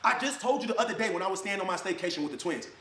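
High, fast-talking man, angry rant, echoey room. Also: lively intonation, fairly bright tone, slight background noise. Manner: angry, rapid, mocking quoted voices. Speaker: influencer addressing critics. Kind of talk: heated ranting video clip.

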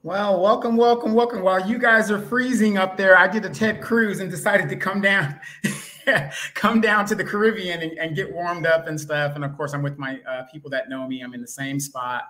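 A man co-hosting a talk show, speaking in a relaxed, rambling way and often restarting his sentences. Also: high voice, moderate pace. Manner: relaxed, rambling, self-correcting. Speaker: co-host. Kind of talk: casual talk show chat. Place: vacation spot with motorcycles outside.

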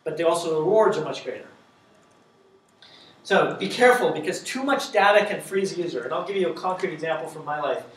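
A man giving a conference talk, lively and joking, asking the audience rhetorical questions. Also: on the high side, brisk, echoey room, far from the mic. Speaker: conference speaker.

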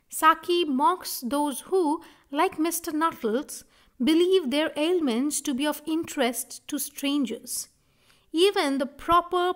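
A woman teacher reads a short story aloud and explains it to her class. Her voice sits high, and she talks slowly and deliberately, as if giving the students time to follow each line. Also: fairly bright tone. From India. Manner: measured, deliberate reading with explanations. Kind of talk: slow explanatory lesson, reading aloud.

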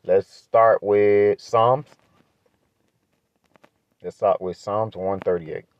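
A man teaching from the Bible in a preaching style, asking rhetorical questions and building to emphatic high-pitched points. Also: steady tone, extremely slow, muffled recording. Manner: emphatic, rises sharply in pitch when pressing a point; asks rhetorical questions, adds "right?".

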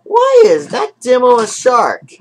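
A woman hosting a casual watch-along, rambling and giggly, often saying "so anyway," her voice cracking up into a squeaky high register. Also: wildly swooping pitch, slow pace, a little mellow, soft background music. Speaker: channel host.

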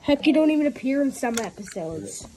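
A woman's voice: high voice, sing-song, brisk, darkish tone, slight background noise. A woman in playful casual banter, joking and often laughing. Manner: giggly, jokey, often laughing.

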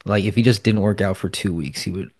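A man's voice: on the low side, a little fast, no room sound, studio quality. A man co-hosting a casual podcast, who talks bluntly, rambles and swears a lot. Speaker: podcast co-host. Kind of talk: casual chat.

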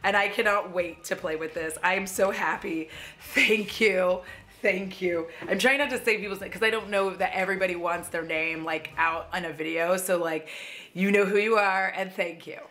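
A woman's voice: on the low side, fairly even intonation, moderate pace, sharp tone. A woman chatting in a casual beauty haul vlog, gushing and playful with lots of asides. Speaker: beauty vlogger. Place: at home.

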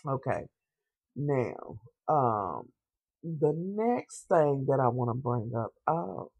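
A man's voice: medium pitch, slow pace, creaky, husky, no room sound. A young man, animatedly recapping a TV episode in casual slang, swearing freely and talking straight to his viewers. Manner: animated, sassy storytelling with slang and asides to viewers. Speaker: TV show reviewer.

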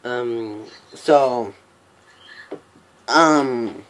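A young man casually recapping a cartoon episode on a voice call, rambling and halting. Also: medium pitch, fairly bright tone, slight background noise. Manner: rambling, halting, full of fillers. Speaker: vlog host.

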